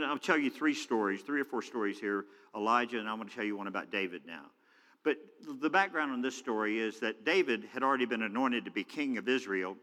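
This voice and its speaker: A man preaching a sermon as pastor, telling the story with drama and swinging from loud, emphatic lines to hushed ones. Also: fairly high pitch. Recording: long hall reverb.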